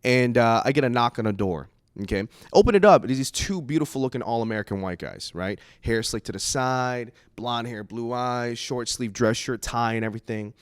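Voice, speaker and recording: A man doing a stand-up comedy set, telling stories in an animated way and jumping into put-on voices. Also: mid-range voice, moderate pace, smooth, no room sound, clean studio sound.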